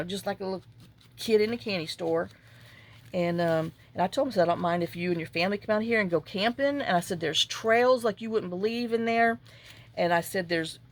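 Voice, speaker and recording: A middle-aged woman talks casually as she works on a craft project. She rambles through a long story and acts out both sides of each conversation in her own voice. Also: medium pitch. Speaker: junk journal crafter. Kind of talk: casual chat while crafting.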